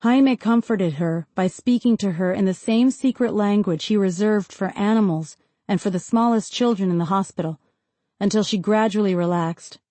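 A woman reading a novel aloud as an audiobook narrator, in a calm, measured way, lightly voicing the quoted dialogue. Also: mid-range voice, dry recording. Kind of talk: scripted narration.

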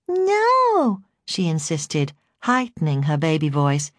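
A woman narrating a memoir in a calm, measured storytelling voice. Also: sits low, no echo, clean studio sound. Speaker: audiobook narrator.

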